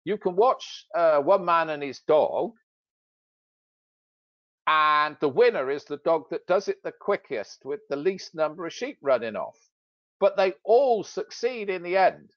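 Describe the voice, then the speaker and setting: Lively, joking British man, dull dry sound. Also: a little high, unhurried, dry recording. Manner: jokey, self-mocking storytelling. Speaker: sales expert and author. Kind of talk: casual podcast talk.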